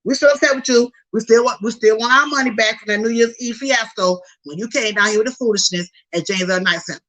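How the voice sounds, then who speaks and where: A woman hosting a podcast, chatting casually about celebrity gossip with animated, slangy asides to her listeners. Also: on the high side, fast, rough recording. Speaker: podcast host.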